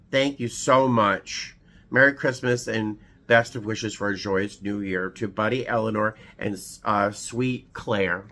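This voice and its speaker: A man's voice: fairly low pitch, slow pace, bright, forceful tone. A man chatting sentimentally on his video channel, tearful as he opens holiday cards and shares memories, with many fillers and restarts. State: teary. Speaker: vlogger. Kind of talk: emotional casual chat, reading holiday cards.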